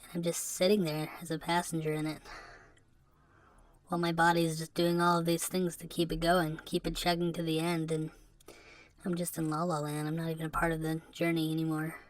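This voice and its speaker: A woman's voice: low voice, monotone. Subdued rambling woman podcaster. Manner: halting and rambling, with rueful laughs. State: depressed and subdued. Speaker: podcast host. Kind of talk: confessional solo monologue. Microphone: podcast microphone.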